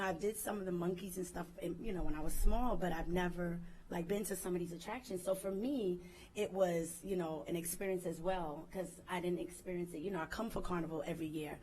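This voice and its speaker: A woman who is a reality TV cast member giving an excited, effusive speech at an event. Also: lowish voice, poor audio.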